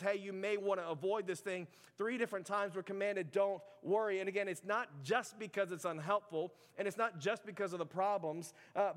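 A high-pitched man preaches in a loose, chatty way, filling his talk with "like" and "right". His voice rings out with a long hall reverb, as if from a church sanctuary. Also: fairly bright tone. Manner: conversational preaching, many "like" and "right" fillers. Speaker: pastor. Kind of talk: sermon.

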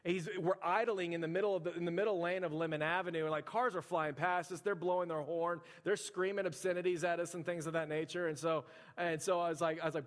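A young man preaches in a loose, storytelling way, slipping into the voices of the people in his stories. His voice sits a little high, and a long hall reverb trails behind each phrase. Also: fast talker. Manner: conversational, animated storyteller acting out quotes. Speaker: pastor. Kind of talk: storytelling sermon.

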